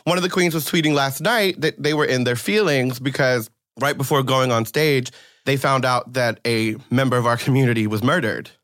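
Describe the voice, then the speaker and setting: A man's voice: medium pitch, normal speed, a bit bright. A man hosting a podcast in casual, chatty conversation, laughing often, on a close studio mic. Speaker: podcast host. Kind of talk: casual chat.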